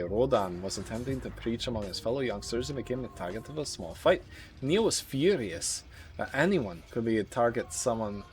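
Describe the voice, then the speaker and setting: A man streaming a strategy game live, reading its event text aloud and dropping wry asides to his chat. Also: medium pitch. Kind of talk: live gameplay commentary.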